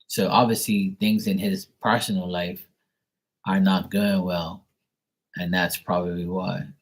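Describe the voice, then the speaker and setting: A man's voice: deep voice, little pitch movement, a little slow, rough recording. A man reading tarot on a live stream, talking in a rambling, chatty way and swearing freely. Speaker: tarot reader. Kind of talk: casual live-stream talk.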